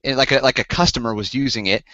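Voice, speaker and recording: A man hosting a podcast, telling a story and acting out both sides in an animated, incredulous way. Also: medium pitch, fast talker, dry recording. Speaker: podcast host. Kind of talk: casual storytelling chat. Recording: dull lo-fi podcast audio, dry.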